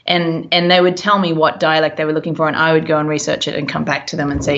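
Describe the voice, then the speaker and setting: A woman's voice: low voice, flat delivery, quick pace, few pauses, fairly bright tone, highs cut off, a little hiss or hum. An Australian woman, a voice actor, chatting casually in an interview, laughing easily and sometimes trailing off. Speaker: voice actor guest.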